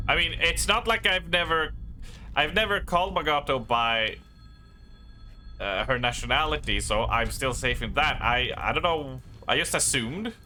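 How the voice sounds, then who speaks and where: A man with a Swedish accent, a gaming streamer chatting casually on stream in a rambling, self-deprecating way with halting restarts. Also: mid-range voice, sharp tone. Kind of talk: casual live-stream chat.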